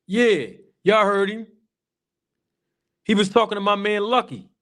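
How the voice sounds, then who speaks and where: A man's voice: high-pitched, steady tone, measured pace, fairly bright tone. A man giving casual livestream commentary, chatty and repetitive, talking to his chat viewers. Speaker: boxing commentary streamer.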